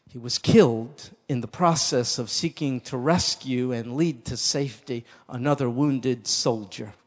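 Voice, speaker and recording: A man preaching a sermon, telling a story slowly and dramatically, building to loud emphasis. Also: mid-range voice. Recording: long hall reverb.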